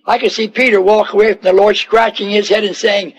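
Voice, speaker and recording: A male preacher with a very high voice tells a story in an animated, folksy way. He acts out every character as he goes. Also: fairly quick, hardly any pauses, rough recording. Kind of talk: storytelling sermon.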